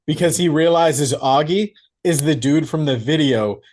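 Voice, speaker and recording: A man's voice: on the high side, moderate pace, a little mellow. A man co-hosting a casual movie review podcast, acting out scenes in put-on voices and swearing freely. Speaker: podcast co-host.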